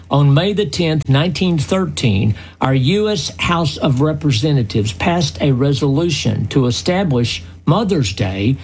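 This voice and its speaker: Older guy doing a radio spot, slow and husky, voice goes up and down a lot. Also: on the high side, darkish tone. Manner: slow, earnest, folksy storytelling. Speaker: radio commentary host. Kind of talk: radio commentary.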